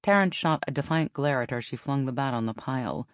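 A woman narrating a novel in an even storytelling manner. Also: rumbling low, fast talker, dry recording, studio quality. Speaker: audiobook narrator. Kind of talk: scripted narration.

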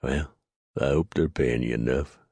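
A man voicing a cool, unhurried Texan gunman with a mocking drawl in an audiobook reading. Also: extremely low pitch, steady tone, vocal fry, darkish tone, breathy edge, dry recording, exaggerated voice. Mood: calm. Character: cold, calm Texan gunman, smug and unhurried.

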